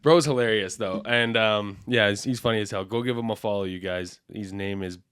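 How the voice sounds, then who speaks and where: A man's voice: fairly low pitch, a little fast, fairly bright tone, clean tone, dry recording, clean studio sound. A man co-hosting a podcast, chatting casually and swearing a lot as he reacts to videos. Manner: profane, laughing, loose banter. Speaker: podcast co-host.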